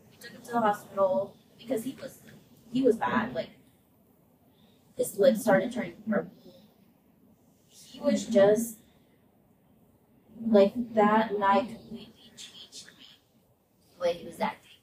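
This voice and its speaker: A woman's voice: mid-range voice, a little slow, long pauses. A woman hosting a podcast, casually telling a personal story and acting out the voices of the people in it. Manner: animated, acts out quoted voices. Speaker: podcast host. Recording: roomy, distant, loud vehicle noise.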